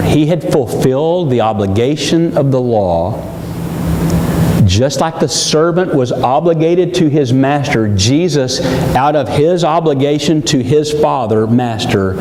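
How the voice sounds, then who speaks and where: A man's voice: mid-range voice, measured pace. A man preaching a sermon, joking and acting out the voices of the people in his story. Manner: animated, joking, acts out quotes. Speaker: pastor. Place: church sanctuary. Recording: long hall reverb, faint noise.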